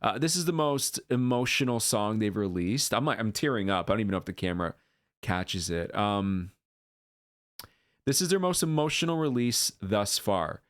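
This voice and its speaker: A man reacting to a dance video on his channel, gushing with excited whoops and earnest talk full of ums and uhs. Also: on the low side, normal speed, no room sound, clean studio sound. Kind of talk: casual reaction vlog.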